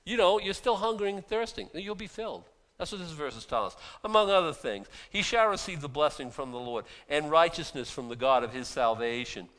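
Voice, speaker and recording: A middle-aged man preaching a casual sermon to a small group, folksy and conversational, dropping to quiet asides and then rising to loud emphatic bursts, often repeating words as he restarts. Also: a little high, a little fast.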